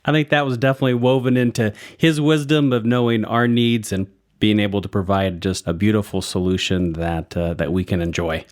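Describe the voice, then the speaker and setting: Man, lowish voice, co-host, brief friendly remarks. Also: steady tone, brisk, few pauses. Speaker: podcast co-host. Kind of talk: casual faith discussion.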